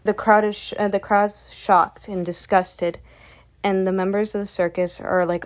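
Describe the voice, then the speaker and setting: A woman's voice: mid-range voice, fairly even intonation, moderate pace. Woman rambling through a comic recap. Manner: rambling storytelling that relays each character with "and she's like". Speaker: webcomic recap channel host.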